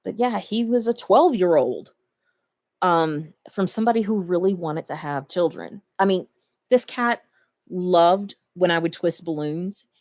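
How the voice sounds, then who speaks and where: A woman's voice: lowish voice, measured pace, a little mellow. A woman talking casually to the camera, reflecting fondly and laughing between her thoughts. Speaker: vlogger.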